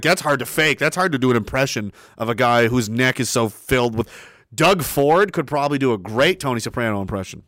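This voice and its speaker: A man's voice: medium pitch, fairly bright tone, no room sound, clean studio sound. A man hosting a livestream, chatting casually and sarcastically while reading out chat messages, laughing often and swearing freely.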